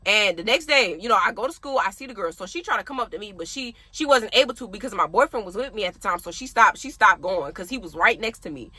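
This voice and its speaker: A woman's voice: mid-range voice, expressive, fast, few pauses, sharp tone, breathy edge, dry recording. A young adult woman telling a story to her viewers in casual chat, laughing often and addressing them directly. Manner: chatty, laughs often, talks straight to viewers. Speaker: vlogger.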